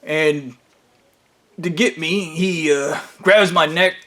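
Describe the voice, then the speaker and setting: A man's voice: on the high side, slow pace, background noise. Profane rambling storyteller guy.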